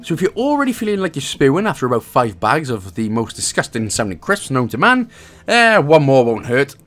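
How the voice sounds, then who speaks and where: Talking fast with a wildly swooping, medium-pitched voice and a somewhat bright tone, a man from Wales guides viewers through a game walkthrough. His Welsh accent comes through as he goes step by step, breaking up the instructions with chuckling, jokey asides.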